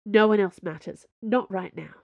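A woman's voice: mid-range voice, moderate pace, vocal fry, no room sound, dull audio, close to an everyday voice. A woman reading the lines of a fierce, desperate young woman in an audiobook, with an intense, urgent delivery.

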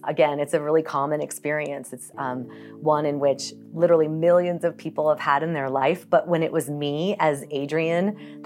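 A woman from Colorado, a health organization CEO, speaking earnestly as a podcast interview guest with occasional fillers. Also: low-pitched.

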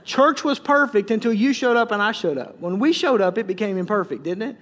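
High-voiced man preaching a chatty sermon. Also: expressive, brisk, fairly bright tone, big-room sound. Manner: conversational, joking, with many restarts and acted quotes. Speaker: pastor.

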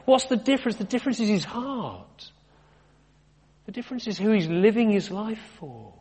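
This middle-aged British vicar has a high-pitched, somewhat mellow and slightly rough voice with big pitch swings, delivered at a moderate pace. Preaching amid long church reverb, he stays conversational, tossing in rhetorical questions and wry self-directed humor.

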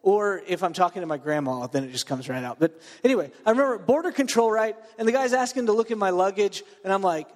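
High-voiced man preaching with a cold. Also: expressive, fast, hardly any pauses. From Texas. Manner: chatty and joking, many fillers and restarts. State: under the weather with a cold. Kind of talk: casual sermon to a student group. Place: large meeting room. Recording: long reverb in a large room.

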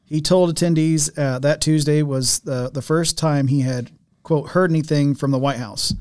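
A man's voice: a little high, steady tone, normal speed, a little mellow, no room sound, clean studio sound. A man hosting a podcast, telling a family story in a loose, rambling way with many restarts and laughs. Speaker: podcast host. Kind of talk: casual chat and news reading.

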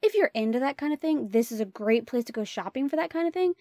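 A woman's voice: high voice, expressive, fast talker, warm tone, no room sound, studio quality. Earnest woman co-hosting a travel talk. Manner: earnest, addresses listeners as guys. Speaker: travel vlog co-host. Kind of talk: casual travel chat.

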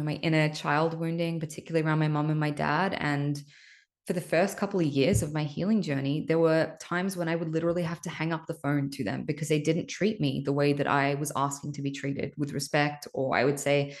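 A woman's voice: low voice, level tone, brisk. A woman hosting a podcast, telling a personal story in a candid, emphatic way, swearing casually and often checking in with "right?". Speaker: podcast host.

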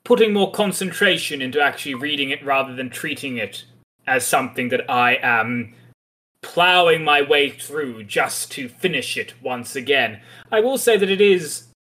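A podcast host talks through a comic in a casual discussion, sounding chatty, thoughtful, and mildly wry. His voice is fairly high in pitch and a bit bright.

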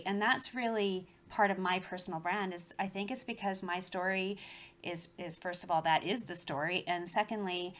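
A woman in her forties with a slightly low voice tells a personal story in a relaxed conversation. She speaks with animation and laughs easily along the way. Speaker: guest. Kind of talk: casual conversation.

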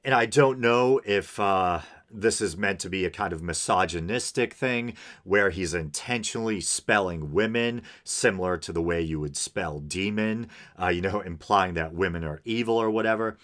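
A man's voice: low-pitched, normal speed, hardly any pauses, fairly bright tone. A man hosting a podcast, talking through a review in a loose, casual way with fillers and small laughs. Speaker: podcast host.

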